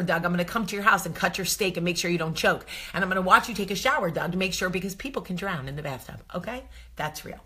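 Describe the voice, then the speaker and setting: A woman in her thirties with a New Jersey accent, telling a story to camera in a casual vlog, animated and often laughing. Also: fairly low pitch. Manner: animated, swings to loud exclaiming, laughs often. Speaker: vlog host.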